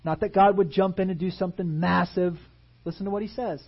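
A man preaching a sermon in a church, animated and full of rhetorical questions to the congregation. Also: sits high, fairly quick, slightly rough, lo-fi sound. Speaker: pastor. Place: church sanctuary.

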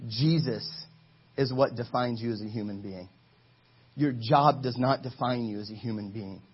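A man in his thirties preaching a sermon to his congregation in a church, energetic and exhorting, calling for answers from the pews. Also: mid-range voice, normal speed, breathy edge, dull audio. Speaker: pastor. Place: church sanctuary.

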